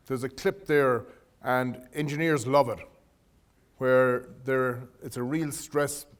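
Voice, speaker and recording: A middle-aged man giving a leadership lecture to students, telling career stories in a conversational way and often restarting his phrases. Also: mid-range voice. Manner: anecdotal, restarts phrases, addresses audience directly. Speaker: guest lecturer. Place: lecture hall.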